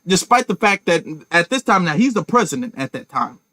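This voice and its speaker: A man's voice: high voice, very animated, brisk, bright, forceful tone, dry recording. A man giving emphatic political commentary to his viewers, with lots of restarts. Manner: emphatic, talks to viewers directly, repeats and restarts. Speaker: commentary channel host.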